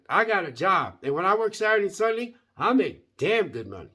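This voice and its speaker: A man's voice: high voice, brisk. A man giving a casual, rambling movie review, repeating words and saying "man" often. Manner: folksy, animated.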